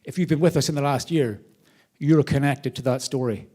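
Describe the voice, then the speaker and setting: A man hosting a charity event, speaking to a live audience from a theater stage in a lively, storytelling way. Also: mid-range voice, moderate pace, breathy edge. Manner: animated storyteller, varied loudness. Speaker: charity host.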